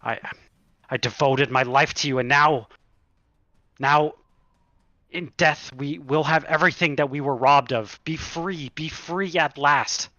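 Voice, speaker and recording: A man voicing a sorrowful undead male knight who pleads with his lover in a solemn, halting way. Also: a little high, bright, forceful tone, dry recording, highs cut off, voice pushed up. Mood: tender. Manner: solemn and halting, stammers with emotion.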